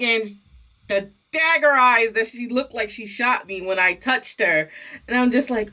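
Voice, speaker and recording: A young woman vlogger telling a casual, bubbly story about meeting her husband's family, full of fillers and quick asides. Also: a little high. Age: young adult. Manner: bubbly, animated, many fillers.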